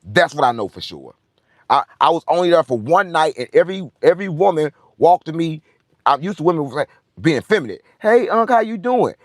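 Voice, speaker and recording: A man hosts his own show and tells a story in a loose, rambling rant. He swears constantly, circles back to the same phrases, and brags as he goes. His pitch swings up and down a lot, and his voice sounds close and dry. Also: expressive, fairly quick, no room sound. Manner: profane, repetitive, boastful. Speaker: show host.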